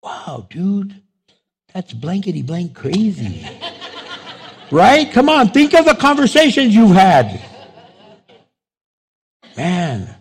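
Animated, gravelly-voiced male pastor. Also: high voice, slow, long pauses. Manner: animated, acts out dialogue in quoted voices. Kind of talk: storytelling sermon.

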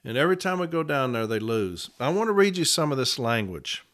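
A man speaking as a union representative in a casual podcast monologue. He tells his account plainly and repeats case numbers slowly. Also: mid-range voice, very animated, fairly bright tone.

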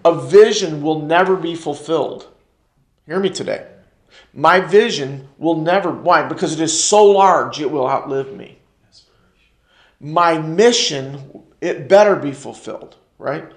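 American guy preaching a church class, gravelly voice, a bit high, echoey room, keeps repeating phrases and getting people to say them back. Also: unhurried. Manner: call-and-response, repeats key phrases for emphasis. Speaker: teacher at a church ministry class. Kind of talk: sermon-style teaching.

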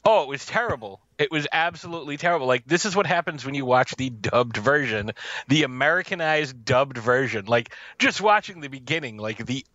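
A man's voice: mid-range voice, lively intonation, sharp tone, no echo. Rambling, sarcastic man on a dull mic. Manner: rambling, sarcastic, lots of fillers and quick put-on voices. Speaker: podcast co-host. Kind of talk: casual chat.

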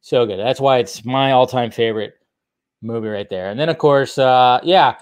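A man hosting a casual solo movie-news vlog, rambling and excitable, swearing freely as he talks. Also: medium pitch, normal speed, clean tone. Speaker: online movie news host.

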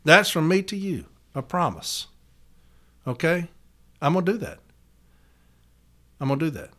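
Fiery man, rather high voice. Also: sing-song, a little slow, fairly bright tone. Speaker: letter carriers' union activist and podcaster. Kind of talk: fiery profane rant to union members.

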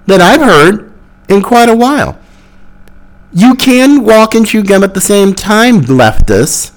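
A man's voice: high voice, poor audio. A man hosting a podcast, giving an impassioned political commentary monologue, arguing and mocking opponents' slogans. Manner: impassioned, argumentative, with mocking quotes. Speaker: podcast host.

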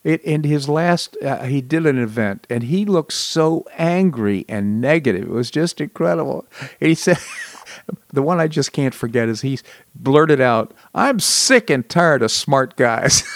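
A man's voice: medium pitch, lively intonation, normal speed, no room sound. A man hosting a talk show, chatting casually about politics and memories, with frequent chuckles. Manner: conversational, chuckles often. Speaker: radio show host.

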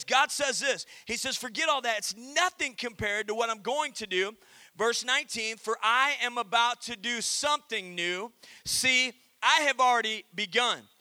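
A man pastor preaching a sermon, calling out to the congregation and reading scripture with emphatic pauses. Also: very high voice, pushed and bright, smooth, dry recording. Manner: emphatic preaching with call-and-response.

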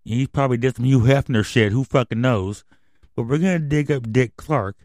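A man's voice: mid-range voice, moderate pace, a little mellow, no echo, clean studio sound. A man hosting his own radio show, delivering a crude, rambling, conspiratorial rant full of swearing and ending on an emotional, subdued note. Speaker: podcast host. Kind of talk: profane ranting monologue.

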